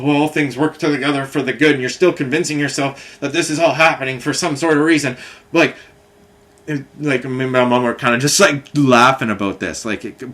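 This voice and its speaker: A man's voice: medium pitch, fairly bright tone. A man angrily recounting a billing dispute in a repetitive, swearing personal rant.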